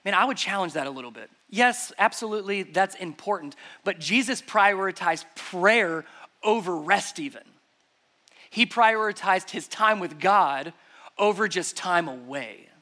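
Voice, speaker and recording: A man's voice: high-pitched, expressive, a little slow, sharp tone. A man preaching a sermon to a congregation in an emphatic, conversational way. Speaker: pastor. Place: church service before a congregation.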